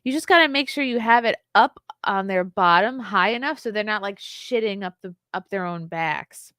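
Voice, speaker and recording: A woman's voice: mid-range voice, moderate pace, sharp tone, smooth, no room sound, clean studio sound. A woman hosting a casual livestream, candid and chatty, often laughing and reading viewer comments aloud. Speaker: livestream host.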